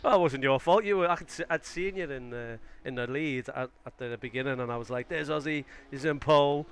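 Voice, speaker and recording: Talking about a sim race on a live stream, a young Australian man rambles chattily and interrupts himself mid-sentence. He speaks at a quick pace in a smooth, medium-pitched voice that is a bit bright.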